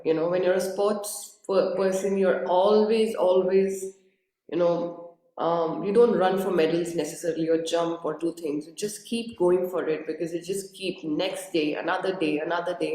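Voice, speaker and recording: A woman's voice: lowish voice, warm tone. A woman from India hosting a live interview, sounding groggy and speaking in an earnest, effusive way that repeats words. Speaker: host. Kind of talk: live-streamed interview introduction. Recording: very echoey room.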